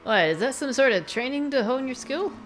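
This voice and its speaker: A woman's voice: high-pitched, animated, brisk, a little hiss or hum, voice pushed up. A woman voicing a tiny, cheeky male sprite with a brash, teasing manner, reading game dialogue aloud.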